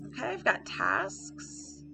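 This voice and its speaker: A woman giving casual gameplay commentary, reading on-screen emails aloud and adding offhand asides. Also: takes it slowly. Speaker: let's play gamer. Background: game music.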